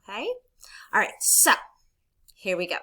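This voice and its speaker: A woman's voice: medium pitch, expressive, a little slow, bright, forceful tone. A woman teacher giving a recorded classroom lesson, explaining patiently and encouraging students step by step.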